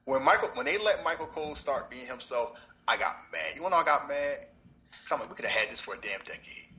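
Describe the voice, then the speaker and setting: Casual male podcast co-host, very lively and bright, rambling slangy chat over faint noise. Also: medium pitch, fast talker, muffled recording.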